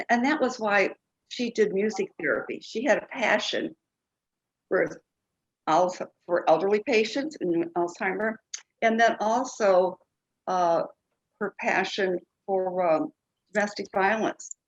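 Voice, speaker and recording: A woman guest telling her story slowly and earnestly, with halting restarts. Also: medium pitch, lo-fi sound. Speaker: guest, foundation founder. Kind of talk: interview storytelling.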